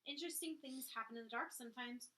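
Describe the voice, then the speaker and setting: A woman reading a soft, cultured young man. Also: sits high, fast talker. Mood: amused. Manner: soft, grave, quietly mocking.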